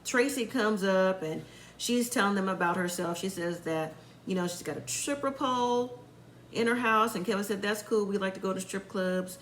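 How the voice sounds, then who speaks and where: A woman's voice: fairly high pitch, a bit bright, reverberant, a little hiss or hum, poor audio. A woman giving a casual, opinionated recap of a reality show, acting out what the people said. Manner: chatty, opinionated, acts out quotes.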